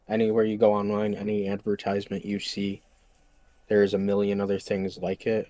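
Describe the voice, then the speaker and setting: Guest, male, low flat voice, mellow tone, dry close sound, casual answers. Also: no room sound. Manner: casual, relaxed, swears lightly.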